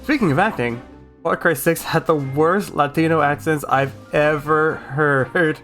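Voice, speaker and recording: Young male gaming host, sarcastic and excitable, over loud background music. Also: a little high, measured pace. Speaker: gaming YouTuber. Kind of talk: comedic recap commentary. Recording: music playing under the voice.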